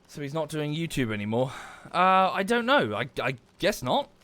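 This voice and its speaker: A man's voice: fairly high pitch, big pitch swings, moderate pace, pushed and bright. A man from southern England with an Estuary English accent, talking casually while he plays a game on a livestream, thanking viewers by name and swearing under his breath at the game. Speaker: game streamer.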